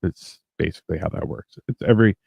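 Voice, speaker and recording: A man's voice: low voice, fast, creaky, husky, no echo, highs cut off. Rambling Canadian man, dry close mic. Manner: rambling, joking, acts out quoted voices. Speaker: podcast co-host. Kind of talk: casual podcast banter.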